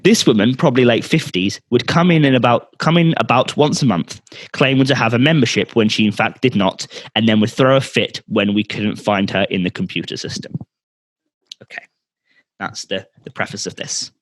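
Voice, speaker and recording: A man's voice: medium pitch, normal speed, no room sound. A young man co-hosting a podcast, reading a story aloud in a rambling, self-mocking way and laughing often. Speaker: podcast co-host.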